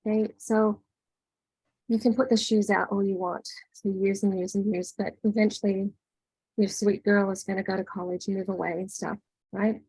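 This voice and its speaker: A woman leading an online workshop as a spiritual coach, giving gentle advice and often asking "right?". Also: medium pitch, flat delivery, moderate pace, husky, dry recording, rough recording. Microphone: video call.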